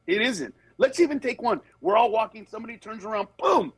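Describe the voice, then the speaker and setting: A man, a comedian, talking casually in a conversational storytelling way, lively and quick to slip into impressions of other people, then earnest and steady on serious points. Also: sits high, breathy edge, no echo, rough recording. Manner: animated, jumps into acted voices of others. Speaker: comedian guest on a talk show.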